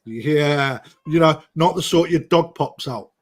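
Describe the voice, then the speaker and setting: Running a live koi auction stream, a middle-aged British man calls bids and countdowns in chatty, matey patter. His voice is a touch higher than most men's, with a breathy edge and a measured pace.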